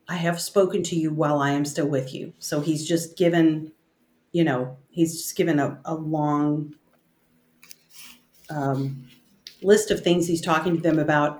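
A woman leading a casual bible study discussion, reading scripture aloud and talking it through in halting, restarting sentences. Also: deep voice, darkish tone. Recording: roomy echo.

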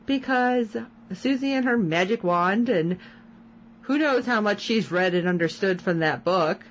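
A woman's voice: mid-range voice, unhurried, lo-fi sound, a little hiss or hum. A woman co-hosting a podcast, chatting casually as she recaps a TV episode and acts out quoted lines. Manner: animated, retells scenes with quoted lines. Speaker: podcast co-host.

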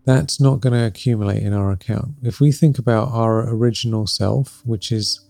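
A middle-aged man hosting a spiritual podcast, gently and reflectively coaching listeners, often checking in with "right?" and laughing softly. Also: on the low side, fairly even intonation, moderate pace, vocal fry, no echo. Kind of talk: spiritual teaching talk.

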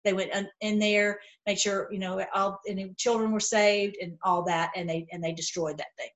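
A woman hosting an online video, retelling a story in an animated, emphatic way, often restarting her sentences. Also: medium pitch, normal speed. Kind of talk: casual storytelling talk.

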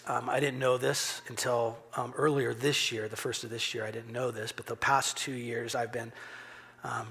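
A man preaching a sermon as pastor, earnest, rising to urgent emphasis and dropping to a hushed near-whisper. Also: medium pitch. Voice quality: gravelly, husky. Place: church sanctuary.

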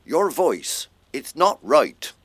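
A blunt, matter-of-fact amateur playwright in a radio comedy. His pitch moves about freely, and the sound is close and dry. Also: sing-song, slow, gravelly, a bit bright, slightly rough, no echo, full character voice. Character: blunt, eager male writer, adult. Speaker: playwright in an amateur drama group.

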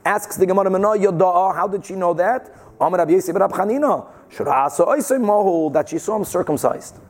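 A man teaching a Talmud class, explaining the Gemara with animated rhetorical questions and Hebrew and Yiddish terms. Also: sits high, a little fast. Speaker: Torah teacher.

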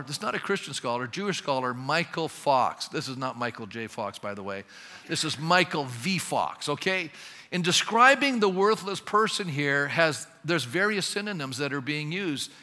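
A male pastor preaching a sermon, often asking the congregation rhetorical questions in an emphatic, lively delivery. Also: a little high, in a large hall.

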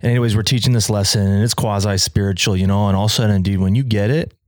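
A young man telling a story in a casual chat, animated and laughing often as he acts out quoted lines. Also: on the low side, very fast, no room sound, studio quality. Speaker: podcast guest telling a story.

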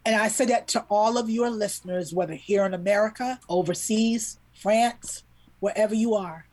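Speaking at normal speed in a medium-pitched, darkish voice, a woman who writes and illustrates children's books shares a heartfelt story as a podcast guest. She's earnest and emotional, repeating words when feelings rise.

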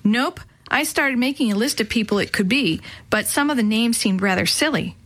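A woman's voice: on the high side, normal speed, fairly bright tone. A woman voicing a curious, determined young boy in a children's audiobook, speaking eagerly.

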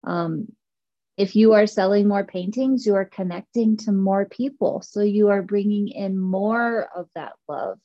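A woman coaching a client, calmly reflecting back her fears and guiding her through a belief exercise. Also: medium pitch, measured pace, muffled recording. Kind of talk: coaching session.

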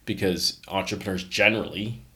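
This middle-aged Canadian founder talks fairly quickly in a low voice, recounting lively stories in a casual interview. When he quotes people, he acts out their voices.

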